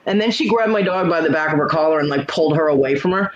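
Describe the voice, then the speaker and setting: A man's voice: fairly high pitch, fast, highs cut off. A man hosting a casual livestream chat from home, telling blunt, profane stories. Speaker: livestream host.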